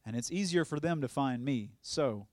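An evangelist preaches his testimony as a sermon, telling it in an animated storytelling style, acting out other people's voices and laughing often. His voice is medium-pitched at a moderate pace, with no room sound.

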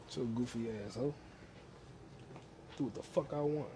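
A man's voice: mid-range voice, normal speed, long pauses, mellow, a little hiss or hum. A man hosting a crude solo podcast from his home kitchen, rambling, swearing constantly and laughing at his own jokes. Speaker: podcast host.

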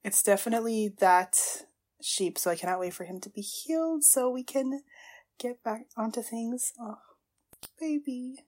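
A woman podcast host gushing through a casual watchalong, with excitable reactions, gasps and exclamations, and tearful at times. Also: a little high, normal speed.

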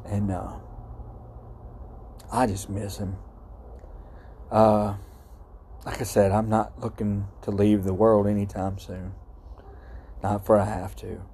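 A man with a drawl talks in a low, mellow voice, rambling from the heart and cursing freely. He records his podcast outdoors at night. Faint background noise sits under his voice. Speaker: podcast host. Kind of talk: casual solo podcast monologue.

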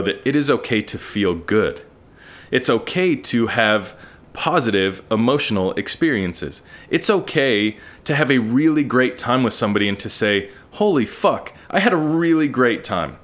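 A man's voice: fairly low pitch, a bit bright. A man hosting a solo podcast, talking through his thoughts in an earnest, candid way and swearing casually. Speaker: podcast host. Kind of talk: solo reflective monologue.

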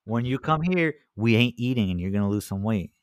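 A man's voice: fairly low pitch, lively intonation, fairly quick, clear, resonant tone. A young man co-hosting a podcast, telling stories in a laid-back way and often saying "like". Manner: laid-back, storytelling, heavy use of "like". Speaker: podcast co-host. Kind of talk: casual chat. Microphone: studio mic, dry booth.

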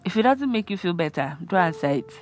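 A young Nigerian woman gives friendly life advice in a relaxed, chatty way, her speaking voice sitting a bit on the low side. She talks earnestly and often slips into little acted-out exchanges. Soft music plays faintly underneath. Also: quick pace. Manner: chatty, earnest, acts out little dialogues in a higher voice. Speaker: host. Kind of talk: casual advice talk.

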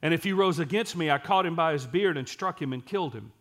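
A man with a slightly high-pitched voice preaches a sermon, reading scripture aloud and then stopping to explain it and ask his listeners questions. At points he sinks into a quiet, intense delivery to drive a point home. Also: fast talker. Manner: drops to a quiet, intense voice for emphasis.

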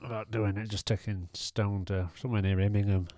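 A man's voice: lowish voice, little pitch movement, warm tone, no room sound, clean studio sound. A man co-hosting a casual podcast, throwing in teasing quips. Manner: teasing banter, quick quips. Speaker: podcast co-host. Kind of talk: casual chat.

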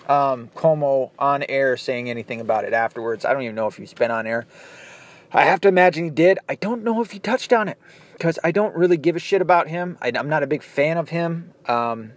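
A man's voice: fairly high pitch, no room sound. A man hosting a podcast, ranting casually in a blunt, profane, opinionated way. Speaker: podcast host.

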